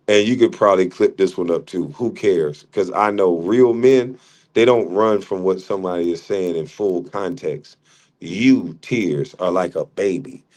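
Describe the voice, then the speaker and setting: A middle-aged man, low-voiced, argues on a livestream. He mocks his rival and keeps laughing at him as he talks. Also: darkish tone. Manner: mocking, combative, laughs often. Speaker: livestream host. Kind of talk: heated livestream argument.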